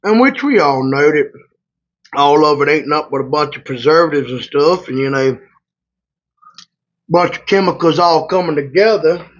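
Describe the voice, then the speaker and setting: A man's voice: on the high side, expressive, normal speed, pauses often. A man, a truck driver, chatting casually and rambling through stories while he eats in a hotel room. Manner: rambling, colloquial, loose. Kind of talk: casual storytelling while eating. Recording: slightly muffled lo-fi audio.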